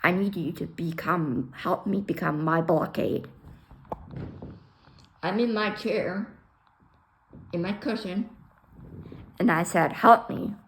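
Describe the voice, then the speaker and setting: A woman telling an emotional personal story bluntly, swearing and acting out the dialogue with sudden loud outbursts. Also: on the low side, slow, pauses often, slight background noise. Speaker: storyteller sharing her life.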